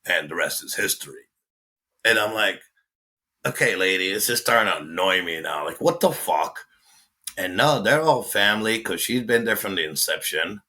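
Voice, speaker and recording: An Israeli tattoo artist appears as a guest, telling stories casually in a deep, forceful male voice at a moderate pace. He's animated, swears, and acts out quotes.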